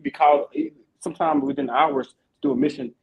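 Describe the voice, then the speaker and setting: A man hosting a casual veterans' podcast, telling army stories in a profane, animated way with lots of repeated fillers. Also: fairly high pitch, fairly quick, narrow, tinny audio. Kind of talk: casual chat.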